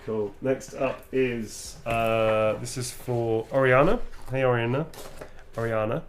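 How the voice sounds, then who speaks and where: A man's voice: medium pitch, steady tone, takes it slowly, slight background noise. A man signing autographs on a livestream, chatting playfully and putting on sultry readings of quoted lines. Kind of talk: casual livestream chat.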